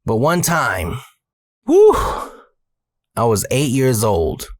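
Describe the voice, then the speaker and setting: Man, 30s, Arizona-raised storyteller host; casual and profane, slangy, gets animated; middle pitch, dry close mic. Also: unhurried, dry recording. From Arizona, USA. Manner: profane, streetwise slang, animated when excited.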